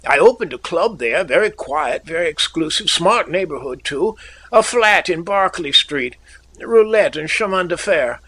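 A man's voice: on the high side, lively intonation, moderate pace, sharp tone, breathy edge, pitched above the performer's own voice, heavily acted. A man reading aloud and voicing a tired, nervous young male gambler who talks in a querulous, muttering way. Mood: weary.

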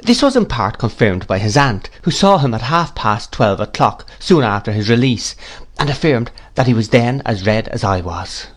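A man reading a classic novel aloud in a measured, deliberate narration. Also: mid-range voice, big pitch swings. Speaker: audiobook reader.

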